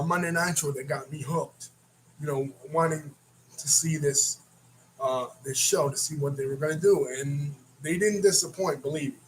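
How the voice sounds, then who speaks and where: A man's voice: a little high, a little hiss or hum, rough recording. Rambling man recapping wrestling history. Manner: rambling, repeats and restarts words. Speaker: wrestling reaction host. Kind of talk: casual recap commentary.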